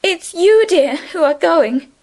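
A woman reading the part of a gentle, affectionate schoolgirl friend, earnest and soothing, in a higher voice than her narration. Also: expressive, slow, full character voice. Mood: tender. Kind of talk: audiobook character reading.

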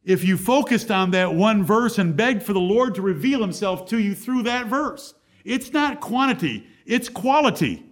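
A man with a fairly high voice preaches a sermon from the pulpit. He reads the scripture slowly and with weight, then explains it in an earnest, direct way to a church congregation. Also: lively intonation. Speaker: pastor.

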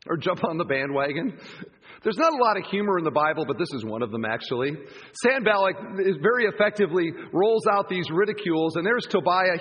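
A man preaching a sermon as pastor, telling the story vividly with lively asides. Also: high-pitched, husky. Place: church campus auditorium. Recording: long church hall reverb.

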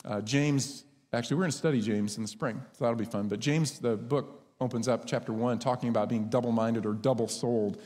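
A man preaching a sermon as pastor, conversational and lively when he tells stories. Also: mid-range voice, fairly quick, few pauses. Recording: long hall reverb.

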